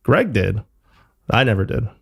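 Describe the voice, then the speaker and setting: An easygoing company founder, a guest in a casual interview, rambles loosely with lots of fillers and mild swearing. His voice is fairly low, creaky, and husky, very animated yet unhurried.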